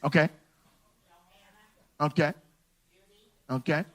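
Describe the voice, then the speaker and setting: A man's voice: on the high side, steady tone, very slow, a bit bright. A man doing stand-up crowd work in a comedy club, teasing the audience in a loose, profane way.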